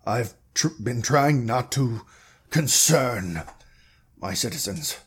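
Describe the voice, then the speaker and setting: A man's voice: mid-range voice, expressive, takes it slowly, slightly rough, heavily acted. A man voicing a pompous, overly courteous male town mayor in a tabletop game. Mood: ingratiating. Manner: formal, ingratiating.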